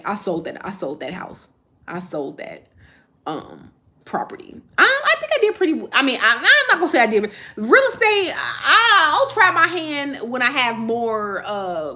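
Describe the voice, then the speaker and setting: A woman's voice: mid-range voice, pushed and bright. A woman, chatting casually on a livestream and answering viewer comments as she rambles. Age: 30s.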